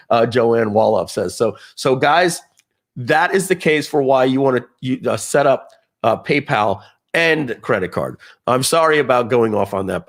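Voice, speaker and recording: A man leading a live software training webinar, chatty and animated, often acting out people's reactions as he tells stories. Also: mid-range voice.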